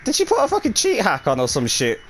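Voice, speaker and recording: A young man narrating his own match as he plays, with a high voice that swings wildly up and down. He gets excited easily, swears freely and shouts encouragement at his teammates. Faint noise sits under the recording. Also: fast, rough recording. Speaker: gaming video creator. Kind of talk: live gameplay commentary.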